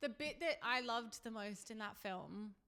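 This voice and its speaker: A woman's voice: on the high side, lively intonation, a little slow, sharp tone, clean tone. A young adult woman, co-hosting a podcast in a candid, sweary, chatty way. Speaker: podcast co-host. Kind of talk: casual chat.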